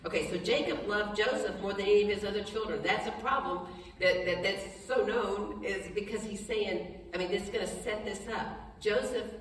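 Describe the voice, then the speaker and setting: A woman's voice: medium pitch, slight background noise. A woman leading a Bible study, reading scripture aloud and stopping to explain it in plain, chatty words. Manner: plain talk with restarts, brief laughs, soft and slow in prayer. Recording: echoey hall, voice from far off.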